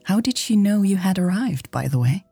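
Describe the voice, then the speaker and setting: A woman voicing a soft, teasing young woman. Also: mid-range voice, animated, moderate pace, no room sound. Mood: whiny, pensive. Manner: soft, breathy, often whispered. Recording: faint music behind.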